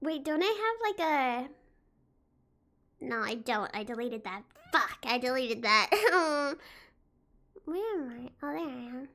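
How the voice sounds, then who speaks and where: A woman streamer chatting casually, excitable and giggly, rambling as she reacts to videos. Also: high-pitched, slow, long pauses. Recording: faint music behind.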